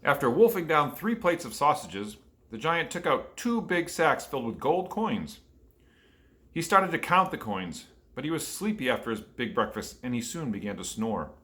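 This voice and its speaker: A man reads a fairy tale aloud to children, pausing to ask them questions. His voice is bright and forceful. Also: medium pitch, sing-song. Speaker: storyteller for children. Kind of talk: reading a picture book aloud.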